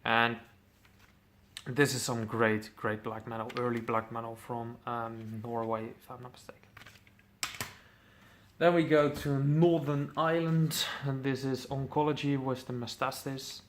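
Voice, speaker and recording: A man's voice: medium pitch, steady tone, unhurried. A man casually presenting his metal CD collection, enthusiastic, swearing freely, with lots of ums.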